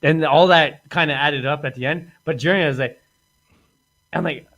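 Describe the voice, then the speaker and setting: A man's voice: medium pitch, steady tone, moderate pace, a bit bright. A man hosting a podcast, telling crude stories in a rambling way, laughing often and acting out what people said. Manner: rambling, laughs often, acts out quoted lines. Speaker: podcast host. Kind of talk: crude casual storytelling.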